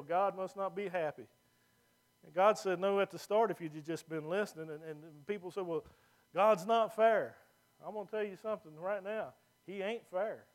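A man preaching a sermon as pastor, folksy and plain-spoken, moving from quiet asides to loud emphatic points. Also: high voice.

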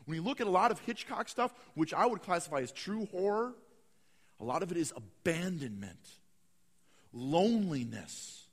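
A man preaching a sermon, swinging from hushed, slow lines to loud, dramatic bursts. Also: sits high, very animated, breathy edge, long reverb tail. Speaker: pastor.

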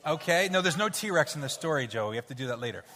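A man leading an interactive children's Bible story in church, playful and coaxing as he cues the kids to shout sound effects. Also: fairly high pitch, lively intonation, fast talker. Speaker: children's pastor. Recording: hall reverb with faint music.

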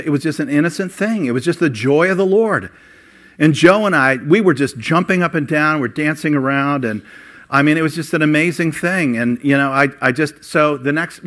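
An older man preaches from the pulpit, telling personal stories. His voice sits a little higher than most men's, climbing for emphasis and dropping low and quiet when he recounts the past. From Ohio. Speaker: pastor.

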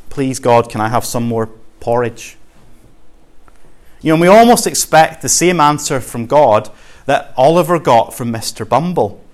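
A Scottish man preaching in a relaxed, chatty manner. His voice sits at a middling pitch, and he leans earnestly into his points with everyday examples. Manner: conversational and earnest, with homely examples. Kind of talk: sermon.

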